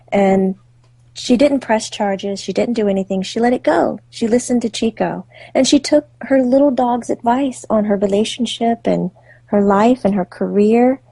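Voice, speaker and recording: A woman tells a story in a husky, mellow voice, recorded close and dry. She is animated and narrates vividly. She laughs often and slips into the voices of the people she describes. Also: a little high, measured pace, no echo. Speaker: psychic medium and author, interview guest.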